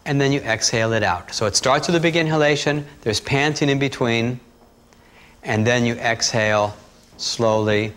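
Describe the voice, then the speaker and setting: A man teaching breathing techniques, talking calmly and steadily through guided instructions. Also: mid-range voice. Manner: calm, steady instructional talk with asides.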